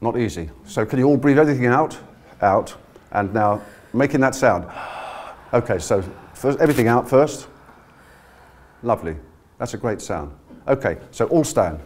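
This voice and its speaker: A man leading a voice workshop, coaching a live audience through breathing exercises in an energetic, encouraging way. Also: mid-range voice, moderate pace, pauses often. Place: conference room with a live audience. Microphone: no handheld mic, projecting to the room.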